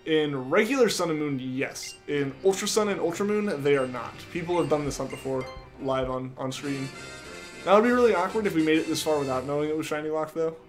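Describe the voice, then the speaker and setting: A man's voice: a little high, brisk, soft background music. A young man streaming a game, reading his chat aloud and answering viewers in a casual way.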